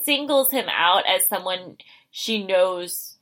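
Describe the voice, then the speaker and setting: A woman's voice: medium pitch, expressive, slow, fairly bright tone. A young adult woman co-hosting a podcast, chatting casually, saying "like" often and keeping the recap moving. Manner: casual, laughing, says "like" a lot, keeps the recap moving. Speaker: podcast co-host. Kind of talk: casual chat.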